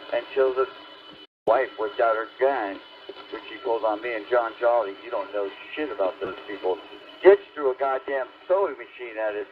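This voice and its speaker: An older man, a ham radio operator, ranting angrily and profanely on the air with threats. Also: mid-range voice. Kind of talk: heated on-air argument. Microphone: radio transceiver microphone. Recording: tinny ham radio transmission.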